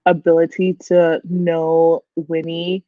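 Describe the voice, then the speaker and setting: Young woman, casual host of a book talk, chatty and animated, dry tinny call audio. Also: deep voice, slow pace, no room sound. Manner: chatty, animated, many "like" fillers. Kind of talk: casual book discussion livestream.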